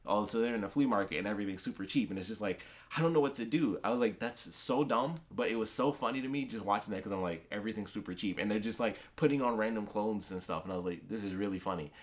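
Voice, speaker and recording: A young man chatting casually about a comic he read, rambling and excitable with many fillers and restarts. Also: on the low side, fast, hardly any pauses. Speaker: comic book vlogger. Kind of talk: casual chat.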